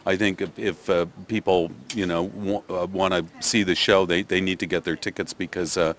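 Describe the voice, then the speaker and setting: A man's voice: sits low, fairly even intonation, moderate pace. An older man with a Canadian accent, a theatre director answering interview questions thoughtfully, with many restarts and fillers. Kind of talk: press interview.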